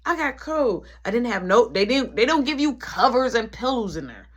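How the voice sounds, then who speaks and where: Animated young man telling a story. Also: very high voice, normal speed, dull audio. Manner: animated, acts out every quoted voice. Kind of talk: casual storytime.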